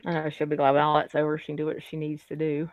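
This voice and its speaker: A woman's voice: deep voice, completely flat delivery, very fast, dry recording. A woman chatting casually as a co-host, laughing often and dropping folksy sayings. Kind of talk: casual chat. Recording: dull, lo-fi, dry.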